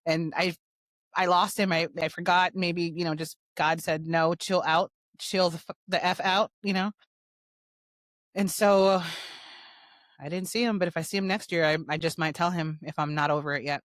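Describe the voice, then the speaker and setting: A woman hosting her own show, telling a personal story in a fast, animated, blunt way. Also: on the low side, no room sound. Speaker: show host.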